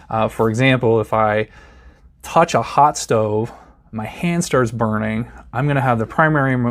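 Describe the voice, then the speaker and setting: A man presenting a lesson on emotional reactions, speaking casually with fillers and now and then acting out example voices. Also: medium pitch. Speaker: presenter teaching emotional psychology. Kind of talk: explanatory talk to camera.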